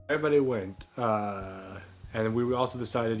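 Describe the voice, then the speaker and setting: Rambling, profane young game master. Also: male voice, mid-range voice, fairly even intonation, fast, a little mellow, faint music behind. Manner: rambling, profane, jokey storytelling. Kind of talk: casual recap of a tabletop game.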